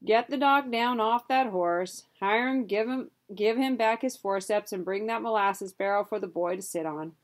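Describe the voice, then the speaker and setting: A woman voicing a blunt frontier justice of the peace who talks in a slow, folksy way. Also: mid-range voice, natural voice.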